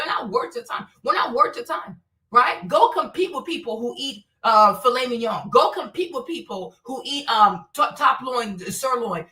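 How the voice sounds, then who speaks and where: A woman's voice: high voice, bright, forceful tone. A woman from Africa hosting a livestream, ranting bluntly and profanely with many rhetorical questions. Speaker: show host. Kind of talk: opinionated livestream rant. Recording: echoey room, mic at a distance.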